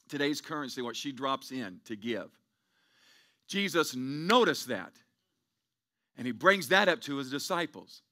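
A middle-aged man preaching a church sermon in a high, ringing voice. He rambles and circles back on his words, then builds to forceful, emphatic peaks. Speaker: pastor.

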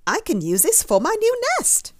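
A woman's voice: high-pitched, wildly swooping pitch, normal speed, pitched above the performer's own voice. A woman voicing a chirpy, puffed-up little male bird in a storybook. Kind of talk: storybook character voice.

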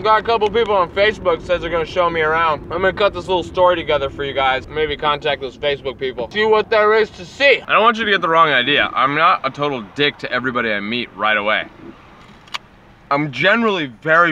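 Sarcastic guy rambling a story into his phone, loud street and car noise behind. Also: high voice, brisk. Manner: sarcastic, rambling, gets heated. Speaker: vlogger. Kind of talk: casual storytelling vlog. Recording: noisy street and car background.

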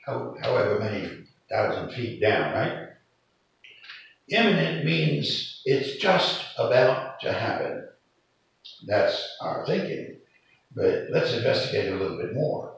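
A man preaches from some distance away in a hall with a very strong echo. His voice swings widely in pitch as he stresses his points, over a faint hiss of noise. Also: highs cut off. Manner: animated preaching with emphatic rises. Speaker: pastor. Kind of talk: sermon.

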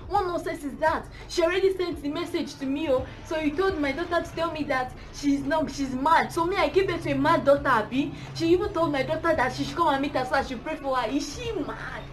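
A woman voicing a furious middle-aged mother with a Nigerian accent, loud and indignant. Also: sits high, voice pushed up, lightly acted.

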